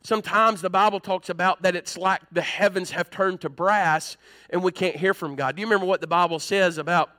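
A male pastor delivering an emphatic sermon, climbing higher as he presses his points. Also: fairly even intonation, fairly quick, pushed and bright. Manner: emphatic, rising in pitch when preaching hard.

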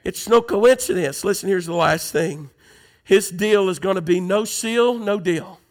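A male pastor preaching a sermon, moving from conversational teaching to loud, emphatic preaching. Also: high-pitched, a little slow.

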